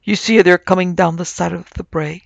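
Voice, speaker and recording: A man's voice: high-pitched, fairly even intonation, brisk, creaky, dry recording, exaggerated voice. A man voicing a panicked young man crying out at a ghost. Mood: terrified. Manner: frantic, gasping, half-whispered cries. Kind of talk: audiobook character voice.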